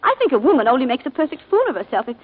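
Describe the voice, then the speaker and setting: An actress in 1940s radio acting, playing a planter's wife who haltingly confesses a shooting and breaks down emotionally. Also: female voice, sits high, sing-song, slightly rough, full character voice. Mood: shaken. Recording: narrow-band 1940s radio broadcast.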